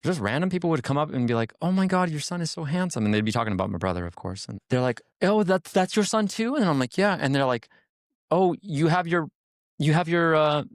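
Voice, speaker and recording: A man telling stories in casual chat on a podcast, animated and acting out quotes, with frequent swearing. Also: a little high, fairly quick, no echo, studio quality. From Hispanic family background. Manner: animated storyteller, acts out quotes, swears freely. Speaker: podcast guest. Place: podcast studio.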